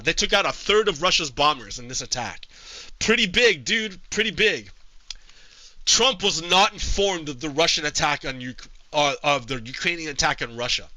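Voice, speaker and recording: A male streamer giving casual political commentary to his live chat, halting with frequent repeats and restarts. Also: fairly high pitch, bright, forceful tone, no room sound, rough recording.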